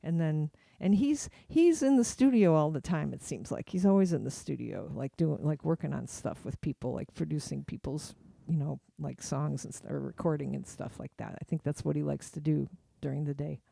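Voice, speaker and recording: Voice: mid-range voice, moderate pace, vocal fry, hardly any pauses, warm tone, dry recording. A radio show host in a casual studio chat, rambling with many fillers and restarts, and now and then acting out quoted voices.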